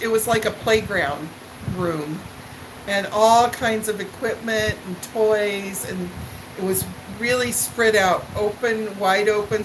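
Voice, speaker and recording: Slow-talking woman chatting to live viewers. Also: medium pitch, background noise. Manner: slow, rambling storytelling with fillers and laughs; chats back to viewer comments. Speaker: live-stream host. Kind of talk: casual chat to live viewers.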